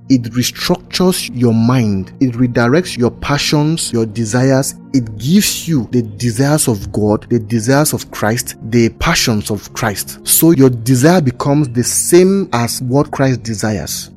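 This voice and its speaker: A man's voice: mid-range voice, darkish tone. A man who hosts a podcast and teaches from the Bible. He speaks earnestly and with emphasis, stacking repeated phrases into lists. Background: faint ambient worship music.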